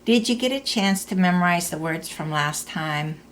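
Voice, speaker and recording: A woman teaching a recorded language lesson, explaining slowly and repeating example phrases. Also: on the low side, lively intonation, slight background noise.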